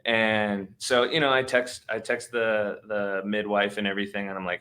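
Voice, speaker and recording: A man's voice: fairly low pitch, flat delivery, moderate pace, hardly any pauses, pushed and bright. A man hosting a podcast, telling a long story in a slangy, laid-back way with lots of fillers. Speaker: podcast host. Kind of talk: casual storytelling.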